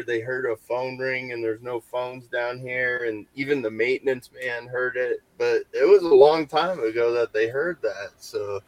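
A man's voice: mid-range voice, dry recording. A man who investigates hauntings, telling a story in casual podcast chat and rambling through fillers and restarts. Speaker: paranormal investigator.

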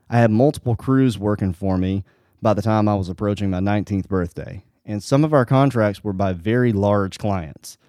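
A man's voice: lowish voice, mellow, no room sound, studio quality. A man hosting a podcast, giving an earnest motivational talk and telling stories straight to his listeners. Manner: earnest, storytelling, direct to listeners. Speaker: podcast host.

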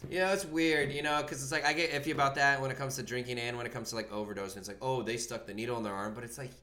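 A young man co-hosting a loose, casual podcast. He talks quickly and bluntly, swears freely and talks over his partner. His voice sits at an ordinary pitch for a man. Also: fairly even intonation, bright, forceful tone, reverberant. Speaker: podcast co-host. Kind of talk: casual debate chat.

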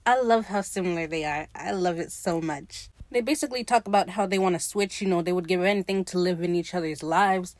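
A woman's voice: on the low side, fairly quick, few pauses, a little mellow, no echo. A woman hosting a podcast, giving a casual, profane, gushing fan recap of a TV episode. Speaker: podcast host.

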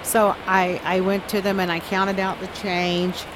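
A woman's voice: medium pitch, little pitch movement, unhurried. A woman from the American South with a Southern accent, telling work stories in a casual, amused way. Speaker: flight attendant guest. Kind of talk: casual storytelling. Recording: hissy noisy recording.

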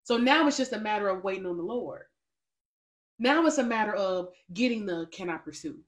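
A woman co-hosting a casual faith podcast, telling her story with lively acted-out quotes. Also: mid-range voice, brisk. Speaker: podcast co-host.

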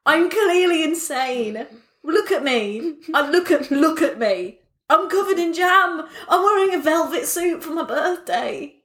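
A woman's voice: high-pitched, animated, measured pace, a bit bright, echoey room. A woman in her twenties co-hosting a comedy live stream, laughing through tears and swearing as she chats. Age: 20s. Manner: giggly, emotional, sweary. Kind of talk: casual improvised chat.

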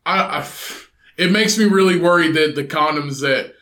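High bright-voiced guy cohosting a podcast, swears a lot, rambly, echoey room. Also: moderate pace. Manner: profane, rambling, acts out bits in put-on voices. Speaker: podcast co-host. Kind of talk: crude casual chat.

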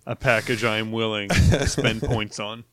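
A man's voice: fairly low pitch, steady tone, a bit bright, slight background noise. Joking man co-hosting a podcast. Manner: joking, quick reactions. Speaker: podcast co-host. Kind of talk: casual banter.

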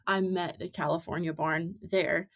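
A woman's voice: lowish voice, fairly even intonation, measured pace, a bit bright. A woman in her twenties, a guest on a podcast, telling stories in casual chat with plenty of fillers. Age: 20s. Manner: chatty storytelling with many fillers. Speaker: podcast guest, amateur rider.

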